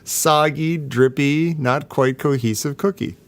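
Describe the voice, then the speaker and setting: A man co-hosting a podcast, joking about himself in a dry, deadpan way. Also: on the high side, a little slow. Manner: dry, self-mocking humor. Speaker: podcast co-host. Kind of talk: casual chat.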